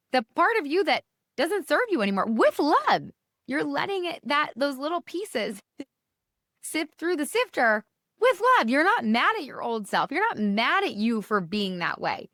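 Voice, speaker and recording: A woman with a fairly bright voice hosts a casual, motivational podcast, bubbly and full of energy. Her pitch swings as she chats, often calling her listeners "you guys." The studio sound is clean and dry.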